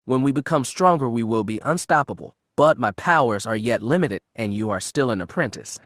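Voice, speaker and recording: A man reading the part of an ancient male Sith spirit bound in an amulet, speaking quietly with an archaic accent and a hiss. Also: medium pitch, lively intonation, brisk, dry recording, studio quality, close to an everyday voice. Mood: cold. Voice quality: quiet, hissing.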